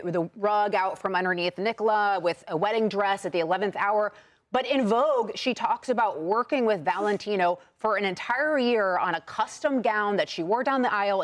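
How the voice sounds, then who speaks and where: A woman speaking bluntly and scornfully as a commentator on a TV panel show. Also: mid-range voice. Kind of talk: opinionated TV panel talk.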